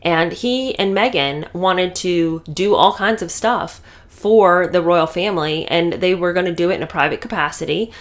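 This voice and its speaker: Animated sarcastic woman commentator. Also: fairly low pitch, normal speed, few pauses. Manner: animated, sarcastic, many fillers. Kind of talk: casual commentary.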